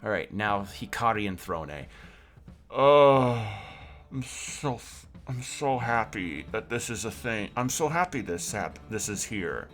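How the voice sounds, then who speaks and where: A man streaming a video game and commenting in an excited, gushing way, often repeating himself. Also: lowish voice, takes it slowly. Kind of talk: casual let's-play commentary.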